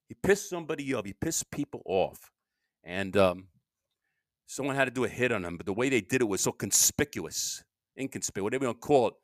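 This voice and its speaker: A tired middle-aged man rambles through a solo podcast monologue, with a mid-pitched voice that rises and falls a lot. He keeps cutting himself off and swings between loud bursts and low mumbles. The sound is close and dry, with no room around it. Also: no echo. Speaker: podcast host.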